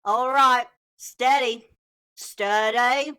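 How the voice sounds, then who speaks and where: A man voicing a shouting squad leader who barks orders in a comedic fan dub. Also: very high-pitched, steady tone, drawn-out words, smooth, voice pushed up, heavily acted. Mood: commanding.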